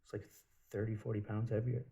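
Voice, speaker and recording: A man's voice: lowish voice, little pitch movement, a little fast, warm tone. A man telling stories in a rambling, casual monologue, swearing freely. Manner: rambling, profane storytelling.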